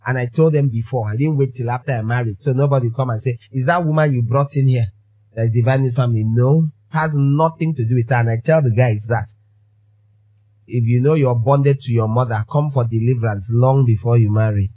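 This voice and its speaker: A man's voice: medium pitch, fairly quick, muffled recording. A man preaching a sermon as pastor, emphatic and fond of repeating his phrases for effect.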